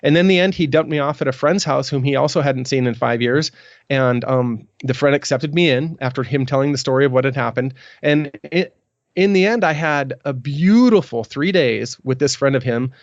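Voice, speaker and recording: A man's voice: mid-range voice, normal speed, no room sound, highs cut off. Man telling a story with many restarts. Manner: rambling, many restarts and ums. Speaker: podcast guest. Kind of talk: storytelling in an interview.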